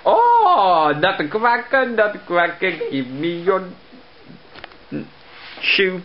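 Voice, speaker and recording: A man's voice: sits high, very animated, takes it slowly. A young man joking and laughing through a casual handheld vlog outdoors. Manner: playful, jokey, laughs a lot. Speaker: vlogger. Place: outdoors in a park. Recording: dull lo-fi camcorder audio, loud hiss.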